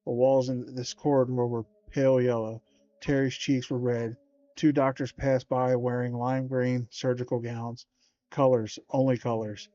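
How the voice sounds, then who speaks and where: Over dull lo-fi stream audio, a male livestream host reads a children's horror book aloud. His mid-range voice keeps a steady, measured pace, with small stumbles and slangy asides along the way.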